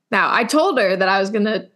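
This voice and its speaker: A woman's voice: medium pitch, fairly bright tone. A young woman co-hosting a podcast, chatting casually with a sarcastic, teasing manner. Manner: chatty, sarcastic, mocks family in quoted voices. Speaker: podcast co-host. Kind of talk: casual chat.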